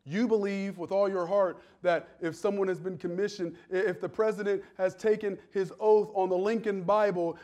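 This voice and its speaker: A male pastor preaches a sermon in a high-sitting voice, swinging from loud, rising exhortation to quiet, chatty storytelling.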